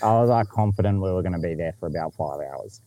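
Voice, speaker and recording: Deep-voiced Australian man telling a story. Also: fast, dark tone, a little hiss or hum. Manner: laid-back, swears freely, laughs through his story. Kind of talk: casual storytelling chat.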